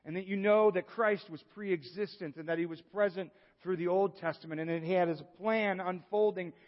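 A male pastor preaching a sermon, moving from hushed, earnest passages to lively exclamations. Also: sits high. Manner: animated, swings from hushed to exclaiming. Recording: dull sound with long hall reverb.

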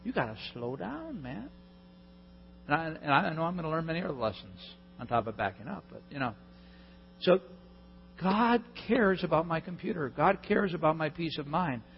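A male pastor preaching a sermon, telling a story with lively, self-mocking humor. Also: on the high side, brisk, slight background noise. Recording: dull lo-fi recording in a hall.

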